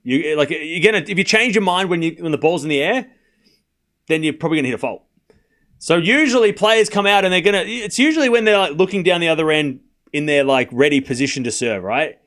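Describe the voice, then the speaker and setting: A man hosts a live tennis watchalong stream, calling points and chatting casually with viewers. His voice is fairly high, animated, a little bright, and fairly quick. He's chatty, laughs often, and talks straight to chat.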